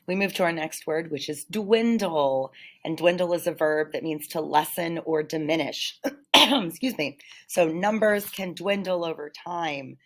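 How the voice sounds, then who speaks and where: A woman teacher walking students through vocabulary slides, explaining patiently with frequent fillers and throat clearing. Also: deep voice, a little slow. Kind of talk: vocabulary lesson over slides.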